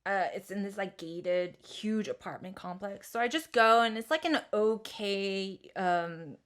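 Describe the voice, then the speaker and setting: A young woman, co-hosting a podcast and telling a story in casual chat, animated and swearing freely with lots of fillers and restarts. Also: mid-range voice, a little slow. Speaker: podcast co-host.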